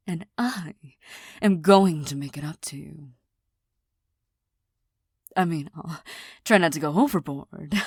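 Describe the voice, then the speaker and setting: A woman in a soft, halting, apologetic whispered role-play as a girlfriend, recorded on a close mic. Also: sits low, creaky, breathy edge, no room sound.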